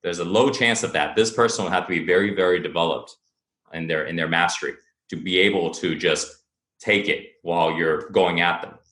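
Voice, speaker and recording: A man with a deep, low voice speaks as a wellness coach in a roomy, echoing space. He talks earnestly, circling back over his points and briefly acting out angry remarks to make them vivid. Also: moderate pace, sharp tone. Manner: earnest, repetitive, acts out angry quotes. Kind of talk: motivational talk to camera.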